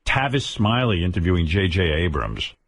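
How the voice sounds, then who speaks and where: Sarcastic man with a very lively voice. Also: moderate pace, no room sound. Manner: dry, sarcastic, does shrill impressions. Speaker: radio show co-host. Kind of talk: casual radio talk, playing clips. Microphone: studio mic.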